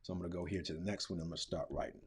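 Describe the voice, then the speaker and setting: A man's voice: low voice, fairly even intonation, very fast, a little hiss or hum. A middle-aged man teaching, walking through a lesson in a casual, thinking-aloud way, with filler words and slang. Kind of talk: screen-recorded classroom tutorial.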